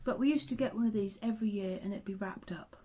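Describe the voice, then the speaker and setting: A woman, chatting to the camera and telling old stories in a relaxed, reminiscing way. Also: medium pitch, quick pace. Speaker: vlogger. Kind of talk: casual chat to camera.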